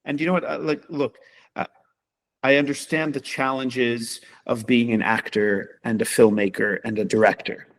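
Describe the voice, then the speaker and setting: A man's voice: mid-range voice, fairly even intonation, normal speed. A man, a podcast guest, speaking emphatically and passionately in a conversational interview, with repeated rhetorical questions.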